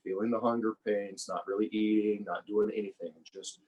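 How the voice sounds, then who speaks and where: A man speaking as a podcast guest, talking in a relaxed, reflective way and often repeating words while he gathers his thoughts. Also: fairly low pitch, normal speed, muffled recording. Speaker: podcast guest, former survival show contestant. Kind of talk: casual conversational interview.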